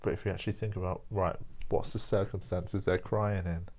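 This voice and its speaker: In a deep, low voice that sounds tired, a young man rambles briskly through a casual solo chat with a steady tone. He comes across wry and self-mocking, like a podcast host thinking out loud.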